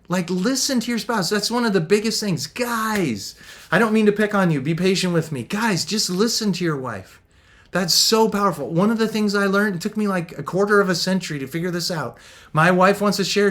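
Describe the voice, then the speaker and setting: Upbeat high-voiced middle-aged man. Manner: energetic and upbeat, laughs often; acts out quoted voices. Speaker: Christian marriage coach. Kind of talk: motivational talk.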